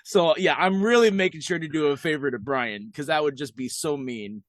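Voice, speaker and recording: A man's voice: fairly high pitch, no room sound, studio quality. A man co-hosting a podcast, chatting casually and enthusiastically over a video call. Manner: enthusiastic, chatty, quick asides. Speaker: podcast co-host. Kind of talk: casual chat.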